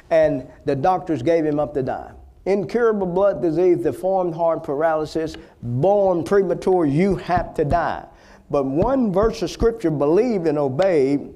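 A male pastor preaching a fervent sermon, repeating phrases and building to loud exhortation. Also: a little high.

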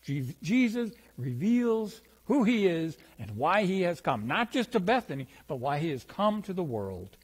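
A pastor giving a reflective sermon, slowing down on key phrases and retelling a story. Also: male voice, sits high, very animated, breathy edge. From Wisconsin.

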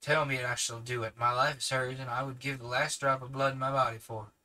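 A man voicing an eager, anxious young gentleman who talks in a hurried rush and stumbles over his words. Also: medium pitch, flat delivery.

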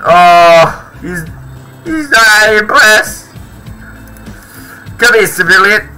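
A man commenting on his own game as he plays, excitable, often shouting and laughing. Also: high voice, drawn-out words, soft background music, rough recording. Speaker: gaming video creator.

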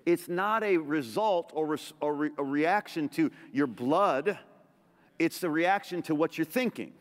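A man preaching from the pulpit of a large church, his fairly high voice ringing with a long hall reverb. He talks emphatically, stacks up repeated phrases, and throws in quick asides to the congregation. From Middle Eastern background. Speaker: pastor. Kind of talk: sermon.

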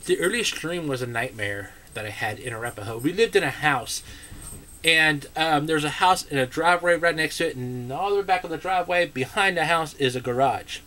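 A man's voice: fairly high pitch, expressive, brisk, bright, forceful tone. An American man telling childhood stories to camera in a casual, rambling way, full of asides and filler words. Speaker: vlogger.

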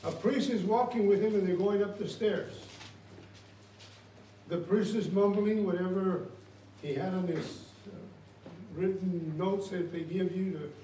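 Man, pastor, sermon, high voice, storytelling, echoey church miked from a distance. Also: steady tone, a little slow, slight background noise. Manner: storytelling preacher, drops to a hush for prayer. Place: church sanctuary. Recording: roomy church sound from far off.

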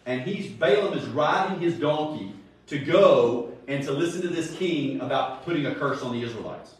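A man preaching in an animated, storytelling way and acting out the people in his stories. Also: medium pitch. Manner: animated storytelling, acts out quotes. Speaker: Sunday school teacher. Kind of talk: sermon. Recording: very echoey room, far from mic.

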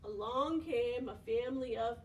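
This young librarian's voice is on the high side and moves at a normal speed, captured at a distance with slight background noise. At preschool storytime she sings action songs and reads a picture book with animated, sing-song flair, adding gasps and questions for the children.

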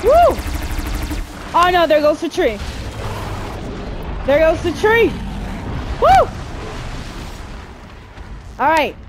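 A woman giving excitable let's-play commentary while gaming, squealing and cheering through the fights. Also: extremely high pitch, slow pace, long pauses. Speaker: gamer playing a video game. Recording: game music playing behind the voice.

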